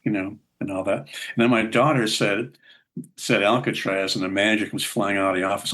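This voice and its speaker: A man's voice: on the low side, fairly even intonation, quick pace, fairly bright tone. An older man, a musician guest in an interview, telling rambling anecdotes with a chuckle. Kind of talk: casual interview storytelling.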